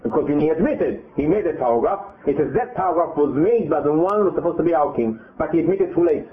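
Man, fairly high voice, religious teacher, repetitive storytelling, tinny phone-like sound. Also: lively intonation, quick pace. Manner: repetitive, retells scripture with acted quotes. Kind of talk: Torah lesson to a live group. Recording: narrow phone-like audio.

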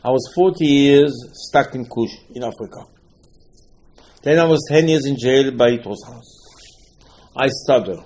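A man giving a Torah sermon, telling stories and acting out the characters' dialogue. He swings between loud exclamations and hushed asides. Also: mid-range voice, unhurried, pauses often. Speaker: rabbi giving a Torah class. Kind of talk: animated Torah sermon with storytelling.

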